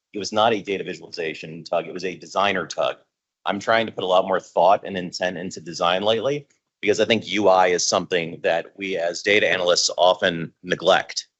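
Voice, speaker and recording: A man presenting at a user group meetup in a relaxed, self-deprecating way, with plenty of filler words. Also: low voice, dull audio. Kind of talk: casual conference talk.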